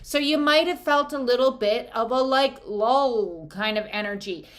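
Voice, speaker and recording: A woman's voice: on the high side, measured pace, fairly bright tone. A middle-aged woman giving a casual spiritual card reading, chatty and blunt, swearing freely and laughing often. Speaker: oracle card reader.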